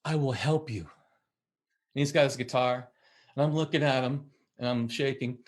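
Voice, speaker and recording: A middle-aged man, a musician and podcast guest, telling a story in a lively way and acting out the voices he quotes. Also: medium pitch, moderate pace. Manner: acts out quoted voices, laughs while telling. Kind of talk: animated storytelling in conversation.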